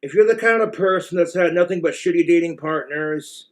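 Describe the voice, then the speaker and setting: A man's voice: fairly high pitch, a little fast. A man with an American accent giving blunt, crude, rambling relationship advice in a casual monologue to the camera.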